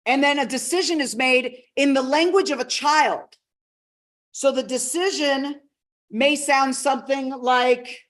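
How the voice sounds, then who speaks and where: High-voiced woman teaching a live masterclass. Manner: expressive teacher, acts out quotes, slows for key words. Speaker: personal development coach.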